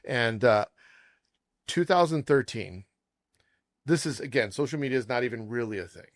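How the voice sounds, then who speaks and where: A man hosts a casual chef podcast in a mid-range voice, telling animated stories and laughing often. The recording is dry and close. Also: medium pitch, moderate pace, no echo.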